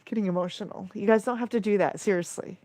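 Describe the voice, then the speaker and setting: A woman's voice: mid-range voice, fast, warm tone, no room sound. A woman hosting a casual livestream, effusively thanking viewers by name as she reads the chat. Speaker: livestream host.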